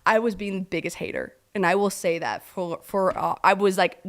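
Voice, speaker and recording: A woman co-hosting a casual sports chat, talking excitedly with lots of "like" and some swearing. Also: mid-range voice, normal speed, hardly any pauses. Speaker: co-host.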